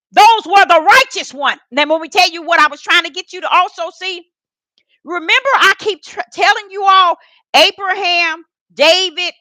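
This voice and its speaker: A woman preaching in a live-streamed Bible study. She talks to the live chat, repeats words for emphasis, and swings from shouts to soft murmurs. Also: extremely high pitch, dry recording, rough recording.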